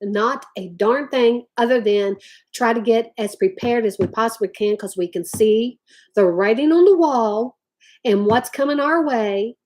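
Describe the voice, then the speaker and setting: A woman delivers a heated rant straight to her viewers. Her voice sits a little high, and she leans hard on her words, often drawling "y'all.". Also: unhurried, darkish tone. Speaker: vlogger talking to live chat.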